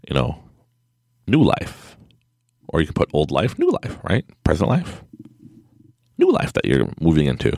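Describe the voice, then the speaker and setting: A man with a deep, gravelly voice hosts a podcast in a loose, motivational monologue. His pitch swings widely as he talks. He is chatty and animated, and he breaks into laughter often. The sound is close and dry. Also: no echo. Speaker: podcast host.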